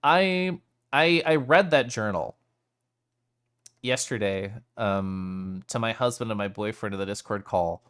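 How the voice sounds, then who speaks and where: A man's voice: fairly low pitch, measured pace, fairly bright tone, clear, resonant tone. A male streamer talking casually to his chat, emotional and teary, laughing often between sentences.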